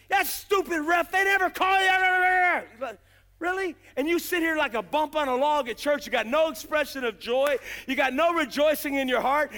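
Middle-aged male revival preacher, high and bright, impassioned and folksy. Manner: impassioned, shouting bursts, drawn-out emphasis; folksy, uses "gotta" and "ain't". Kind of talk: fiery revival sermon.

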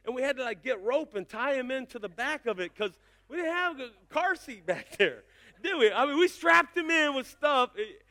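A pastor in his fifties preaching a sermon, telling stories with asides to the congregation. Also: very high-pitched. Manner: animated storytelling with asides to the congregation.

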